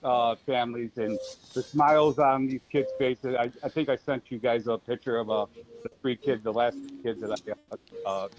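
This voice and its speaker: A man's voice: mid-range voice, steady tone, moderate pace, a little hiss or hum, rough recording. A man co-hosting a casual remote podcast, telling long rambling stories full of fillers. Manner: rambling storyteller, many fillers and restarts. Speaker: podcast co-host. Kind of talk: casual podcast chat over remote call.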